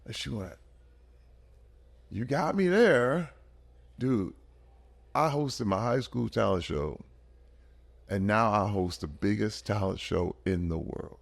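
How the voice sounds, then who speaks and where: Gravelly, emphatic man in his fifties. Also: on the low side, a little slow. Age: 50s. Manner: emphatic, animated storyteller. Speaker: podcast guest. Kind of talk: casual podcast conversation.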